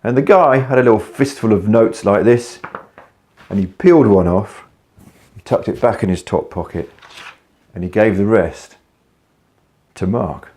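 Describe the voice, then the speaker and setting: A blunt man with a somewhat low voice talks straight to camera as a business coach. He tells stories casually and swears without a second thought. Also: expressive, unhurried, pauses often, darkish tone. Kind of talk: casual video talk to camera.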